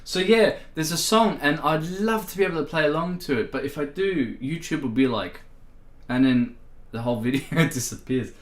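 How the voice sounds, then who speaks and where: A man's voice: fairly high pitch, moderate pace. A man with an Irish accent chatting playfully on a music livestream, giggling and laughing often. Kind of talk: casual livestream chat. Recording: roomy echo.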